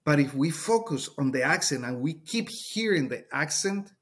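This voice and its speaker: A man's voice: on the high side, expressive, normal speed, fairly bright tone, breathy edge. A middle-aged man from Colombia, a Spanish speaker with a Colombian accent, talking earnestly as a teacher in an interview and often repeating words as he searches for them. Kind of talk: interview conversation.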